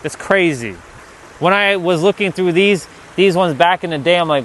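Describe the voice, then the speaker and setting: A man's voice: high voice, moderate pace, a bit bright, a little hiss or hum. A man hosting a casual spiritual livestream, rambling loosely, reading the chat and swearing now and then.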